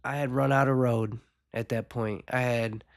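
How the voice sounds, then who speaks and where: A man hosting his own show, talking candidly and unhurriedly about his recovery, his voice nasal from a recent cold, with soft rueful laughs between thoughts. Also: medium pitch, steady tone, moderate pace, no echo, clean studio sound. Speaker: podcast host. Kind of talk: reflective personal talk on addiction recovery.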